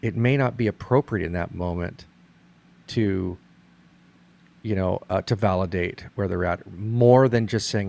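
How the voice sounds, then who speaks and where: A man's voice: sits low, unhurried, vocal fry, darkish tone. A middle-aged man in casual conversation, earnestly explaining a point with many restarts.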